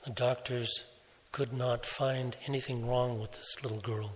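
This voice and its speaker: A man preaching a sermon, telling a story slowly and deliberately, softening his voice for quoted speech. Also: medium pitch, fairly even intonation. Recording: long hall reverb.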